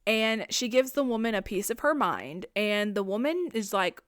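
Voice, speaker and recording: A woman's voice: mid-range voice, very animated, fairly bright tone, no room sound, clean studio sound. Chatty, profane woman recapping a movie. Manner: chatty and profane, retelling scenes with quick put-on quotes. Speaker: podcast host. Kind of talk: casual film recap.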